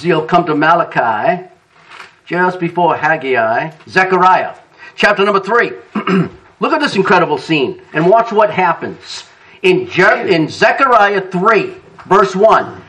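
A pastor whose voice sits high speaks unhurriedly, recorded from a distance. In his sermon he's an animated storyteller, laughing and acting out what people said.

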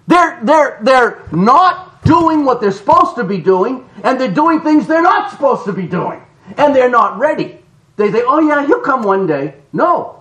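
A man delivers a fiery sermon in a high voice. He swings wildly in pitch, shouting some lines and dropping others to a low murmur. He reads scripture slowly and with weight. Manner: shouts for emphasis, swings between loud cries and low asides. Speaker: preacher.

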